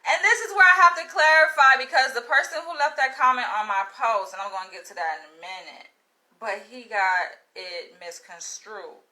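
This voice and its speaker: A woman from Florida telling a story to her followers in a casual vlog, blunt and profane, with an animated delivery. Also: a little high, moderate pace, low-quality recording. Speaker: vlogger.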